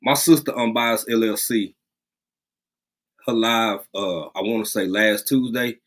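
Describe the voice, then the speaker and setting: A man hosting a casual livestream from a rural home, greeting viewers by name and talking in a lively, drawling way, repeating phrases. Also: lowish voice, unhurried. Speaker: livestream host.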